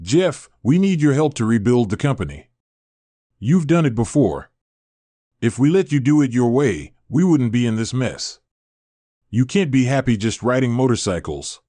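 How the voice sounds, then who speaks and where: A man's voice: medium pitch, big pitch swings, moderate pace, warm tone, no room sound. A man reading a scripted story aloud, narration and dialogue alike in one voice, with the same lines repeated over and over. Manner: reads every character in one voice, barely changing it.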